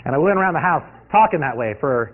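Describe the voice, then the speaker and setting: A man from the US East Coast giving a guest lecture, telling lively personal anecdotes with frequent restarts. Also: a little high, fast. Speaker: guest lecturer, industrial designer. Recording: tinny lo-fi recording.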